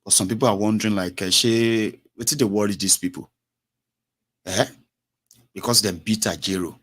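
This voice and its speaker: A Nigerian radio host with a fairly low male voice, talking in a loose, lively way. He moves between English, Pidgin and Yoruba. He acts out the voices of the people he quotes. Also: normal speed, breathy edge. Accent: Nigerian, Yoruba-speaking. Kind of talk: casual solo broadcast talk.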